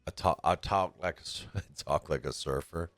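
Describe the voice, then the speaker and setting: A man's voice: very deep voice, moderate pace, a bit bright, dry recording, faint music behind. A man from California giving laid-back, chatty commentary on a pool match, often laughing as he talks. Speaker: stream commentator.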